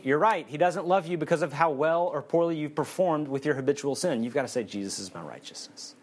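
A man preaches in an easy, conversational way, joking with the listeners as he goes. His voice sits at a middle pitch. He builds his points on a repeated refrain. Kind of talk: sermon.

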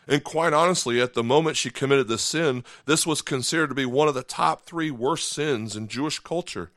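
A man's voice: mid-range voice, animated, moderate pace, fairly bright tone, no echo, studio quality. A man preaching a sermon as pastor, telling a personal story earnestly and acting out the inner voices of his listeners.

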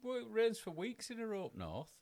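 A man's voice: sits high, huge pitch swings, fairly quick, a little mellow. A man, co-hosting a podcast in casual chat, blunt and teasing, swearing freely. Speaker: podcast co-host.

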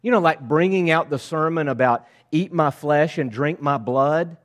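A man preaching a sermon, lively and conversational, acting out voices of the crowd and disciples in casual asides. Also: fairly high pitch, normal speed. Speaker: pastor.

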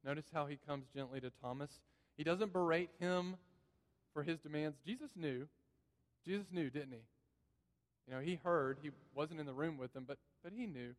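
A pastor with a voice on the high side preaches at normal speed in a church sanctuary, earnest and repeating important phrases. The hall adds a long reverb.

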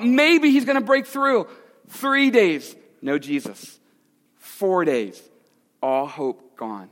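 A man pastor preaching a sermon in a conversational way, with dramatic swings between loud and hushed. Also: high voice. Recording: echoey hall.

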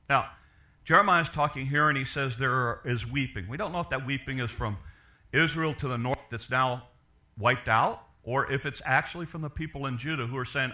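A man's voice: medium pitch, moderate pace, pushed and bright. A man pastor delivering a sermon, explaining scripture in earnest, pleading tones. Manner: earnest, pleading preaching with rising emphasis.

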